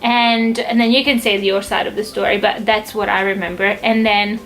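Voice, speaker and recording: A woman's voice: mid-range voice, fairly even intonation, moderate pace, a bit bright, soft background music, low-quality recording. A woman vlogger casually telling a personal story, chatty, acting out quotes from her family. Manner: chatty, lots of fillers and acted-out quotes.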